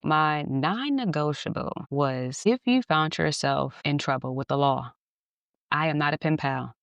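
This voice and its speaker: A woman podcast host telling a personal story in a candid, animated way, laughing at times. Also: low-pitched, a little slow, creaky, no echo. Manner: animated, candid, acts out dialogue, laughs often.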